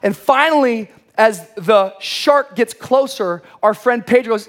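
A young man preaching a lively sermon to a church crowd, telling a funny story and acting out shouted lines. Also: very high voice, unhurried, hardly any pauses. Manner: lively, animated, acts out shouted quotes. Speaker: pastor. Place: large church auditorium.

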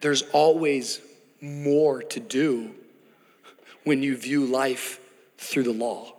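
A pastor preaching a sermon to his church, dramatic and building to shouts. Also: medium pitch, steady tone, slow, in a large hall. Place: large church hall.

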